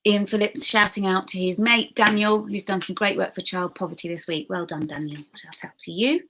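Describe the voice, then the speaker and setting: Lady hosting a pub quiz, bright clear voice, chatty and giggly, says hi to everyone. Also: medium pitch, steady tone, a little fast, a little hiss or hum. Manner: chatty, giggly, greets viewers by name between questions. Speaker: quiz host.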